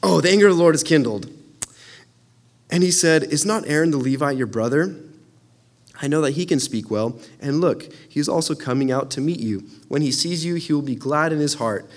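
A man's voice: on the high side, animated, fairly quick. A young man preaching a casual, earnest sermon, enthusiastic and full of restarts.

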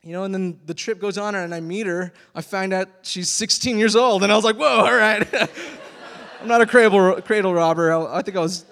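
A man's voice: sits high, fairly quick, few pauses, fairly bright tone, clean tone. A man, a youth pastor giving a casual, rambling sermon full of fillers and laughter. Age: 20s. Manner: rambling, chatty, many fillers, laughs often. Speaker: youth pastor, worship leader. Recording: long hall reverb.

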